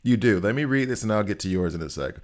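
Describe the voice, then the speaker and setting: Deep-voiced man chatting on a game stream. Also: expressive, fast. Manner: chatty, teasing chat readers, talks to viewers while playing. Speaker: gaming streamer. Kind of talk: casual live-stream chat.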